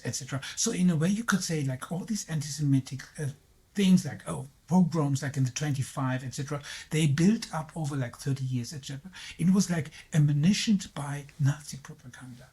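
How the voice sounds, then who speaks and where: A man interviewing a guest, talking in a halting way and leaning heavily on "like". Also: fairly high pitch, a little mellow, husky. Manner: halting, heavy use of "like". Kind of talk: casual conversation.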